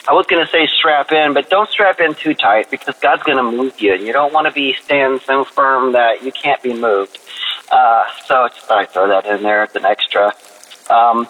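A man's voice: medium pitch, sharp tone, poor audio. A man leaving an upbeat, earnest voicemail of encouragement. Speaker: caller.

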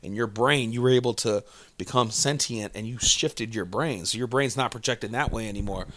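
A man's voice: fairly low pitch, normal speed, pushed and bright, dry recording. A man co-hosting a podcast in casual chat, rambling with lots of fillers and swearing freely. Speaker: podcast co-host.

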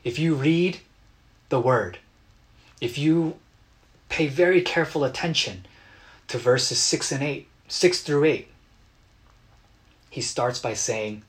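A man preaching a sermon as a pastor, earnest and dramatic, acting out quotes with bursts of loud emotion. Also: medium pitch, slow, long pauses. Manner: earnest, dramatic retellings with sudden loud outbursts.

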